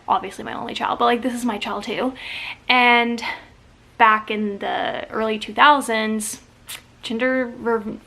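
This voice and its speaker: A woman's voice: fairly high pitch, pushed and bright. A middle-aged woman, chatting casually in a vlog, rambling with fillers and restarts. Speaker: vlogger.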